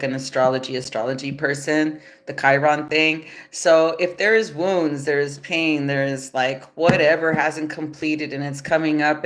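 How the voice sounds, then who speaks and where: A woman with a stuffy, nasal voice doing a casual tarot reading on a livestream, laid-back and loose, swearing in passing and chuckling often. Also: low voice. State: nasal from allergies. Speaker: tarot reader. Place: home after yoga. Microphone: phone.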